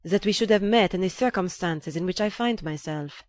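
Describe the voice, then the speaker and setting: A woman's voice: lowish voice, moderate pace, no echo, clean studio sound, lightly acted. A woman reading a humble young Frenchman. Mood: earnest. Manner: insistent, quietly pleading.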